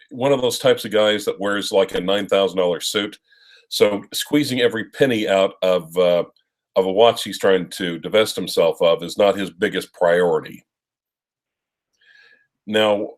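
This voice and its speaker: A man co-hosting a live stream, chatting casually and giving rambling advice with fillers. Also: on the low side. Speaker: co-host of a watch live stream.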